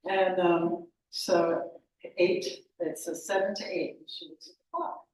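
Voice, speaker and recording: Woman storyteller at a small meeting, lively delivery; distant mic, very echoey room. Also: lowish voice, measured pace, a little hiss or hum. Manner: animated, self-correcting. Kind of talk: live oral storytelling. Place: meeting room of a historic house.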